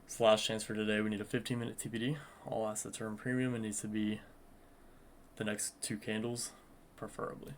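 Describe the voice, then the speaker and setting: A young day trader vlogger walks through his trading in an earnest, reflective way, coaching both himself and the viewer and repeating phrases for emphasis. His voice is on the low side with little pitch movement, he talks fairly quickly, and there's slight background noise.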